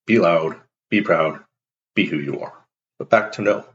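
A show host with a low, deep voice gives a blunt, emphatic motivational monologue at a measured pace, acting out small everyday exchanges to make his points. The recording sounds dull and lo-fi.

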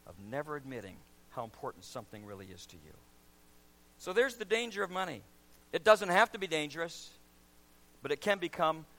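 A man preaching a sermon as pastor, swinging from quiet, low asides to loud, shouted emphasis.

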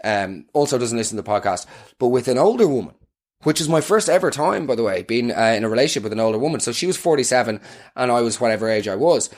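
A man's voice: medium pitch, lively intonation, fast. A young man hosting a podcast, telling comic stories in a rambling, self-mocking way and laughing through them. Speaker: podcast host. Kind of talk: comedic storytelling.

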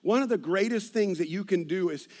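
A middle-aged pastor preaches with a notably high-pitched voice. He tells stories animatedly, breaking off into restarts and asides as he goes. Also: brisk, darkish tone. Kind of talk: sermon with personal stories.

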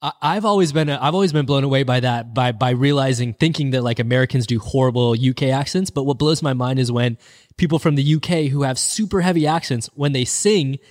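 A man's voice: mid-range voice, fairly quick, a little mellow. A man hosting a podcast, chatting in a laid-back way, laughing easily and calling his guest bro. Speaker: podcast host. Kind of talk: casual chat.

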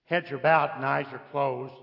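A man's voice: medium pitch, moderate pace, vocal fry, muffled recording. A man preaching a sermon, telling stories with humor and asking the congregation questions. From United States. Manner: animated storytelling, jokes and questions to the congregation. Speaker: visiting preacher.

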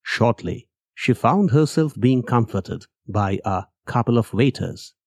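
A man narrating a horror story in a measured, dramatic way. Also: mid-range voice, animated, creaky, a little mellow, husky, no room sound, studio quality. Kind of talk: scripted narration.

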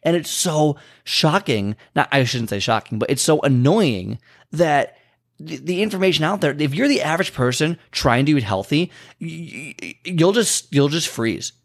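A man's voice: fairly high pitch, lively intonation, moderate pace, creaky. A man who works as a fitness and nutrition trainer, talking casually on his own podcast and rambling with lots of fillers and repeats.

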